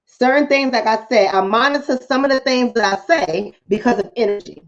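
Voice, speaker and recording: A woman's voice: fairly high pitch, fairly quick, dull audio. A woman vlogger and coach giving impassioned commentary to her viewers, preaching, repeating lines for emphasis and calling them family.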